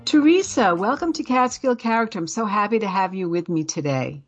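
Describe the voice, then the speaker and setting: A woman's voice: medium pitch, expressive, fairly quick, soft background music. Woman hosting a radio interview. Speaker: radio host.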